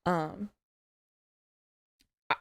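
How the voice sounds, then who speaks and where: Profane, candid woman podcaster in her twenties. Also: extremely slow. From Virginia. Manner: candid, profane, animated storytelling. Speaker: podcast host. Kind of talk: casual solo podcast monologue.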